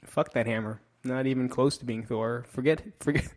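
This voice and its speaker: A man's voice: medium pitch, fairly even intonation, moderate pace. Profane, joking middle-aged man. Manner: profane, joking, self-mocking. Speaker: podcast host. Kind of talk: casual monologue.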